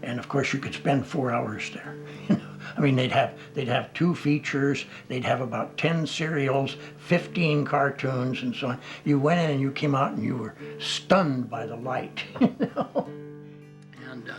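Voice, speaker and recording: A man's voice: medium pitch, unhurried, soft background music. An older man telling stories in a documentary interview, acting out dialogue and laughing often. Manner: animated storyteller who acts out dialogue and laughs. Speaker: interviewee, counselor.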